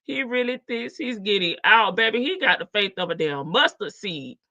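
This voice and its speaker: A woman's voice: mid-range voice, animated, moderate pace, sharp tone, no room sound. A woman hosting a casual livestream, reading chat comments aloud in a sassy, teasing way and laughing often. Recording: dull lo-fi stream audio.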